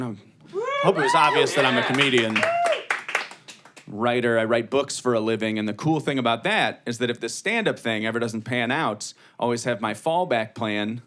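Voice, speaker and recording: A man in his thirties from Cleveland doing a live stand-up set on a comedy club stage, with a dry, tired, self-deprecating delivery. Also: medium pitch. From Cleveland, USA. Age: 30s. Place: comedy club stage before a laughing audience. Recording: live club recording with loud audience noise.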